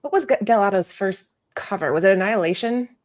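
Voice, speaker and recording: A woman's voice: medium pitch, fast, darkish tone. A woman co-hosting a comic sales show, chatty and joking as she talks. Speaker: co-host. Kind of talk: casual chat about comic prices.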